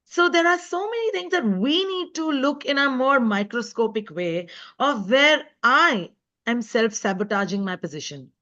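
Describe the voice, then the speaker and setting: A woman's voice: a little high, a bit bright, dull audio. A woman guest speaker and author giving an earnest, emphatic talk on an online panel. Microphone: video call.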